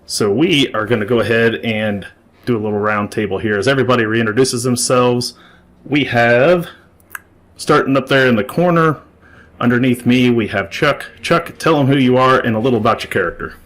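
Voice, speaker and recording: A man's voice: mid-range voice, moderate pace, a bit bright. A man hosting an online tabletop game as game master, upbeat and encouraging to his players.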